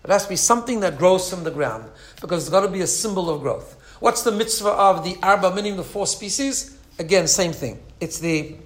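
A man teaching a religious lesson, telling a story with an animated manner and frequent asides. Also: sits high, brisk, few pauses.

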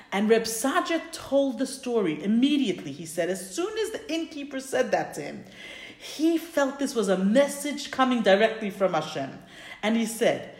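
A woman's voice: a little high, sing-song, normal speed. Enthusiastic woman teaching in an echoey room. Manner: self-correcting, thinking aloud. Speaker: religious teacher. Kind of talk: prayer lesson with storytelling. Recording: roomy echo.

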